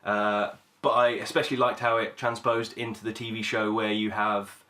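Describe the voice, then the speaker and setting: A man's voice: lowish voice, level tone, normal speed, bright, forceful tone. A man hosting a casual podcast chat, rambling with many fillers and restarts. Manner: rambling, hesitant, lots of fillers. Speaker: podcast host.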